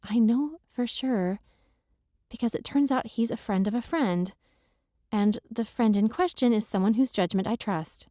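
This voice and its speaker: A woman's voice: medium pitch, a little slow, mellow, dry recording. A woman narrating a first-person romance audiobook on a close studio mic, in a wry, self-deprecating, emotional manner.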